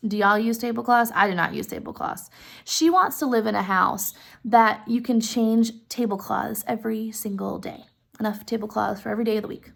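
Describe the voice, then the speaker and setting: A woman's voice: a little high, normal speed, gravelly, a bit bright. A woman retelling a story in a casual, chatty way, talking straight to her listeners and using many fillers.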